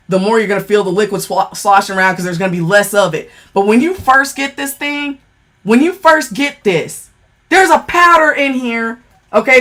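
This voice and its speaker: A woman's voice: a little high, fairly bright tone. A woman giving a casual makeup product review, blunt and profane, who keeps checking in with "okay?". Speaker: beauty vlogger.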